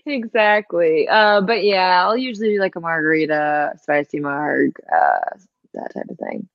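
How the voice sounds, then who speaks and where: A woman's voice: fairly low pitch, very animated, moderate pace, gravelly, no room sound. Chatty woman from Georgia, muffled. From Georgia, USA. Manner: chatty, laughs often, many fillers. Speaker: guest. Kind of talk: casual interview chat.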